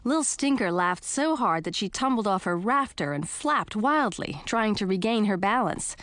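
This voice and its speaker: Woman reading a kids story, super lively voice, close dry sound. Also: mid-range voice, normal speed, no room sound. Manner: expressive, plays the princess frog in first person. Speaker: narrator.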